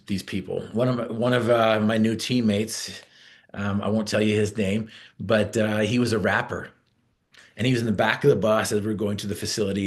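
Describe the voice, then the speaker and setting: Energetic man giving a motivational talk. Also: lowish voice. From Utah, USA. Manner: energetic storytelling, punchy repeated phrases. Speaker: motivational speaker.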